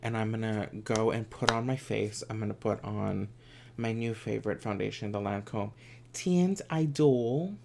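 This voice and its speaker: Sassy, gravelly-voiced man doing makeup. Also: lowish voice, moderate pace, mellow, a little hiss or hum. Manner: campy, sassy, chatty; drops to whispered asides. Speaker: makeup vlogger. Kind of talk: casual makeup tutorial chat.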